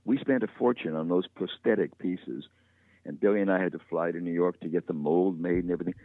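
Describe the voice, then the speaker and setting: An older man, creator of a show, telling stories in a matter-of-fact, relaxed way during an interview on a call. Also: sits low, a little fast, no echo. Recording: tinny phone line, dry.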